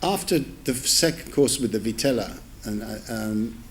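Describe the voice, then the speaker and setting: A man's voice: on the low side, lively intonation, normal speed, slight background noise. A middle-aged man telling an amused, rambling anecdote at a public lecture, correcting himself and adding asides. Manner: chatty, self-interrupting, amused asides. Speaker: newspaper editor giving a public lecture. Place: lecture theatre with audience.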